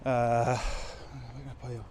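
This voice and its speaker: A truck driver vlogger loads his truck in the rain at an outdoor loading yard, chatting casually as he works, rambling and making fun of himself. His mid-range voice is slow, flat and a little mellow. There's a faint hiss or hum on the recording.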